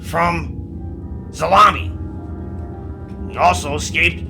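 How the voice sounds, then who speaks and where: A man's voice: a little high, slow pace, vocal fry, soft background music, full character voice. A man doing a crude, foul-mouthed jar demon. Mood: pleading. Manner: loud, swearing, urgent warnings.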